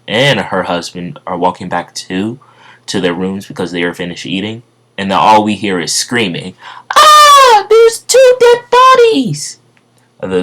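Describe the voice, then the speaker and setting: A man casually retelling a story off the cuff, rambling and halting, with many fillers and self-corrections. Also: deep voice. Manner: stumbles over words. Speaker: fan storyteller.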